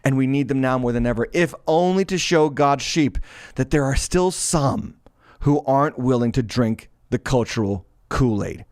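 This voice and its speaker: A man's voice: mid-range voice, moderate pace, darkish tone, no echo, studio quality. A middle-aged man hosting his show as a pastor, preaching with emphatic, sarcastic, declamatory delivery. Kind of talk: preaching commentary.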